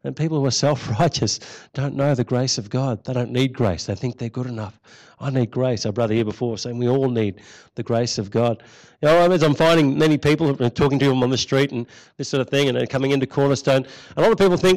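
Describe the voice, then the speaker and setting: A man's voice: medium pitch, a little fast, darkish tone, rough recording. A middle-aged man preaching a sermon in a conversational way, often repeating key phrases for emphasis.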